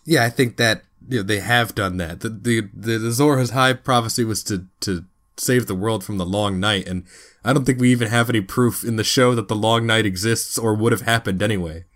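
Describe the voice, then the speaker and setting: A man co-hosting a casual podcast, animated and jumping up in pitch when quoting people. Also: a little fast. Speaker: podcast co-host.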